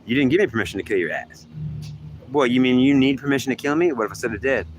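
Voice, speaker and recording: A man's voice: medium pitch, lively intonation, fast talker, background noise. Man rambling, arguing with himself. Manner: argues with himself, swearing and repeating. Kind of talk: rambling self-dialogue.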